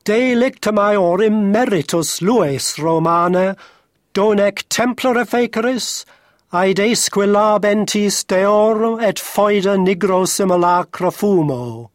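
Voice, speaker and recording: High, slow man reciting verse. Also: no echo, studio quality. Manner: measured, rhythmic recitation. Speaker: reader of verse. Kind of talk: recited poetry reading.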